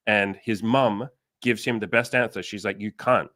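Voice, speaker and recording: A man's voice: fairly low pitch, steady tone, moderate pace, pushed and bright, no echo. A man hosting a casual livestream as a dating coach, blunt and swearing casually, acting out the people he quotes.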